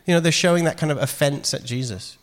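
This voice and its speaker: Guy giving a chatty sermon, lively, long reverb from a big hall. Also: a little high, fast. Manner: animated, conversational, acts out quoted lines. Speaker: preacher.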